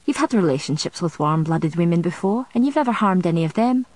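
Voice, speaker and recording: Clever male demon, calm and probing, as a woman narrator puts him on, close, dry storybook reading. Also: on the low side, quick pace, no room sound. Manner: curt, careful and gentle. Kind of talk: audiobook character voice.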